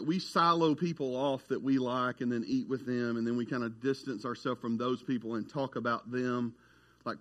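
A man's voice: mid-range voice, a bit bright. A man preaching a casual, folksy sermon as a pastor, often asking "right?" and addressing the crowd as y'all.

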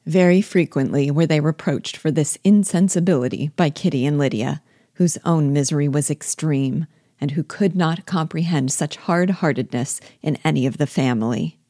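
A woman narrating a classic novel aloud in a steady, measured reading style. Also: low voice, no room sound, clean studio sound. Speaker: audiobook reader and guide. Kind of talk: scripted narration.

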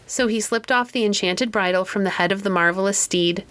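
A woman's voice: medium pitch, a little fast, few pauses, fairly bright tone. Woman narrating a classic storybook. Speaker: audiobook narrator. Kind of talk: scripted narration.

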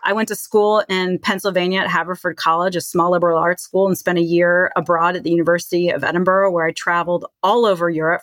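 A middle-aged woman with a Midwestern accent talks through an interview in a casual, filler-heavy way. Her voice sits a little low and the recording is dry and close, with no room sound. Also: fairly bright tone, no room sound. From Charlottesville, Virginia. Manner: chatty, many "like" and "you know" fillers. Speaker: guest, tech CEO.

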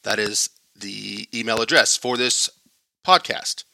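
Bright-voiced podcast host, rambling. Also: male voice, on the low side, slow pace, vocal fry, dry recording. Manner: rambling, loose and self-deprecating with many fillers. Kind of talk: casual solo podcast trailer.

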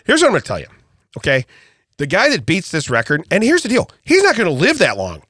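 An older man with a fairly high, lively voice that swings up and down as he spins jokes. He laughs through his stories on a podcast recorded in a dry studio. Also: fast talker, dry recording. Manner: animated storytelling, laughs often. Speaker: podcast co-host. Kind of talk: casual comedic chat.

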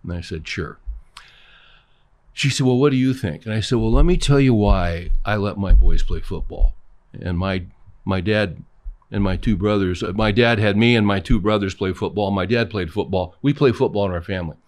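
Older man, low voice, casual storyteller, acts out dialogue. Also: brisk. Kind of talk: casual conversation.

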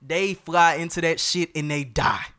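A man hosting a casual podcast, talking loud and slangy with a hyped, tired-out energy. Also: a little high, steady tone, a little slow, clear, resonant tone. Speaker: podcast host.

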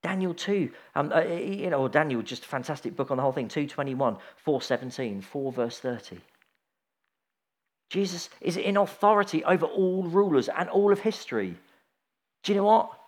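A man's voice: fairly high pitch, lively intonation, normal speed. A middle-aged man giving an informal sermon, chatty and anecdotal, with frequent restarts and asides. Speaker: preacher.

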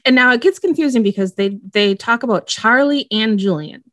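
A woman's voice: fairly high pitch, fairly quick, fairly bright tone, no room sound. A woman co-hosting a podcast, recapping an episode in a loose, chatty way. She makes wry asides as she goes. Her voice is close and dry, with no room sound. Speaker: podcast co-host. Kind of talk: casual recap chat.

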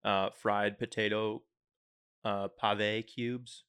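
A man's voice: fairly low pitch, little pitch movement, extremely slow, fairly bright tone, clear, resonant tone. A young man co-hosting a podcast, chatting casually as a laid-back storyteller who swears now and then. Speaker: podcast co-host. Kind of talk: casual chat. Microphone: studio microphone.

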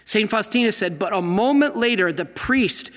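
A man preaching a sermon, reading aloud from a diary and exclaiming over it with animated emphasis. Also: sits high, moderate pace, long reverb tail. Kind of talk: Catholic sermon talk.

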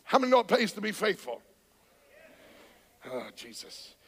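A man preaching a charismatic sermon, shouting and calling on the congregation to answer back. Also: high voice, very animated, moderate pace, long pauses, slightly rough. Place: church sanctuary. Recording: church hall with long reverb.

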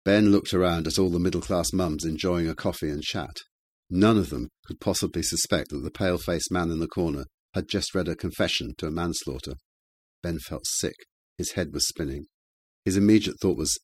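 A male narrator reads a novel in a measured, even way. His voice is very low and husky. The sound is dry and close on a studio mic. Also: no echo. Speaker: audiobook narrator. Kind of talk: scripted narration.

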